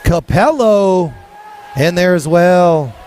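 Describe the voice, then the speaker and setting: A man with a high, bright voice calls live BMX racing outdoors. He rattles off riders and plate numbers in a quick, rhythmic, sing-song patter. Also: expressive. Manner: rapid-fire rhythmic calling, sing-song hype. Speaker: race announcer. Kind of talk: live BMX race commentary. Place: outdoor race track.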